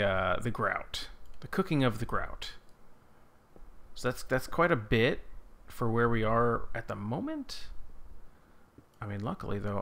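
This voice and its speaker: Slow, rambling man narrating his gameplay. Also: mid-range voice. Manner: rambling, easily startled, excited exclamations. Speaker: gaming channel host. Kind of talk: casual let's-play commentary.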